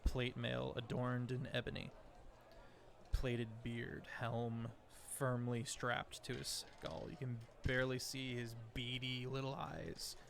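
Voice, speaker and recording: A man narrating as game master in a tabletop role-play, with halting restarts. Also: mid-range voice, level tone, gravelly, slight background noise.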